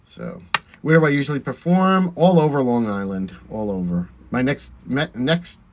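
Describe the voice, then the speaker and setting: A man's voice: mid-range voice, big pitch swings, normal speed. A man who performs in drag, chatting casually on a phone live stream while doing his makeup, reading out and answering viewer comments. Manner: chatty, reads viewer comments aloud and thanks them.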